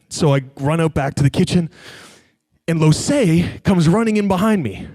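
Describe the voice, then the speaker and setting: A man speaking on stage to a live audience, telling a personal story in an animated way and acting out the voices of the people in it. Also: a little high, normal speed, no room sound. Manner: animated, acts out quoted voices.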